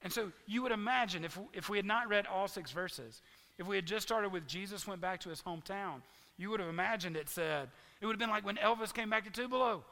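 Bright gravelly preacher in a hall. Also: male voice, high-pitched, fairly quick. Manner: animated storytelling preacher, voices the crowd's lines. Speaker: pastor. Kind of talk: sermon. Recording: long reverb of a large hall.

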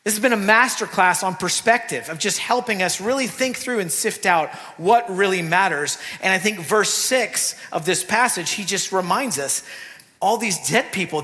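A man preaching a sermon in a church, talking in a lively, conversational way with asides to the congregation. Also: high-pitched. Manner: animated, conversational preaching with asides and acted quotes. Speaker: pastor. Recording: long reverb of a church hall.

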